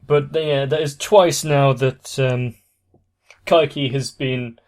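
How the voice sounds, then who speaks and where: A man's voice: mid-range voice, steady tone, takes it slowly, a little mellow. A young man hosting an anime reaction channel, giving casual, thoughtful commentary that trails off at the ends of phrases.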